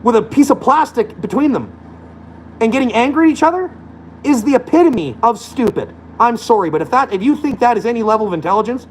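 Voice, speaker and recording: A man's voice: very high-pitched, lively intonation, fairly quick, slight background noise, low-quality recording. A man delivering a blunt, profane, scornful rant to camera as a vlogger. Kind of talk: profane ranting monologue.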